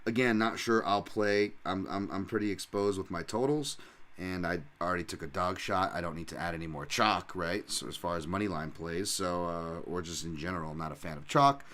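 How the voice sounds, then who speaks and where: A man's voice: low-pitched, brisk, fairly bright tone. A man hosting a solo fight-betting podcast, talking casually in a profane, rambling and jokey way. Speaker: podcast host and fight analyst.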